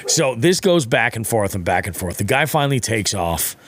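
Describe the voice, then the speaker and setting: A man's voice: on the low side, normal speed, a little hiss or hum. A young man casually telling a fishing story on a podcast, swearing freely and acting out what others said. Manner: profane, animated, acts out quotes. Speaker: podcast speaker.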